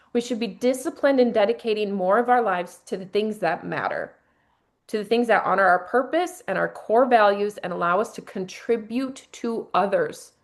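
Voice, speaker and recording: A woman leading a motivational workshop, talking to a group and guiding them through breathing exercises in an upbeat way. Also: on the high side. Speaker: team leader running a workshop.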